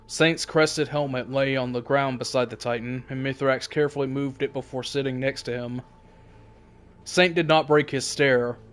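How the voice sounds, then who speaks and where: A man's voice: mid-range voice, normal speed, clean tone. Man reading game lore aloud. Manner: steady narration with casual asides. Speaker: let's play host.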